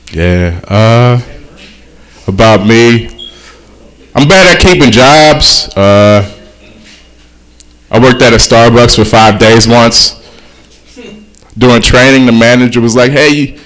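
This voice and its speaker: A young man working a comedy club stage through a handheld mic, his voice sitting at an everyday middle pitch. He talks in a loose, self-deprecating way, tossing off punchlines like casual conversation. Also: slow, long pauses, fairly bright tone. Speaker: stand-up comedian. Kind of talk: stand-up comedy routine.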